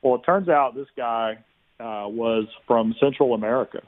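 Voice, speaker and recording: A man's voice: mid-range voice, normal speed. Man telling a story down a tinny line. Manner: relaxed anecdotal, many restarts and quoted dialogue. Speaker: guest. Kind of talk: conversational storytelling.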